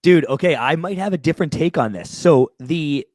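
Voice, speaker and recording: A rowdy young podcast co-host riffs loudly and jokes around, peppering everything with dude. His voice sits a bit high for a man and is recorded close and dry. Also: animated, normal speed, no echo. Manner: rowdy, joking, says dude a lot. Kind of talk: casual sports chat. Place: podcast studio.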